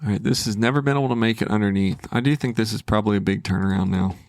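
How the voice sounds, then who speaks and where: A man with a low, gravelly voice talks himself through his trading as a channel host, casual and hesitant. He starts sentences over and thinks aloud. The sound is dry and close, with no room around it. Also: racing, dry recording. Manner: thinking aloud, hesitant, with restarts and self-talk.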